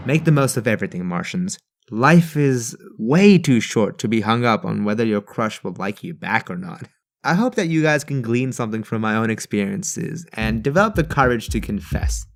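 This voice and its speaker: A man telling a comedic personal story for his channel, jokey and animated, turning to earnest advice. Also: normal speed, gravelly. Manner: animated, jokey, swings from high excited yelps to low earnest advice.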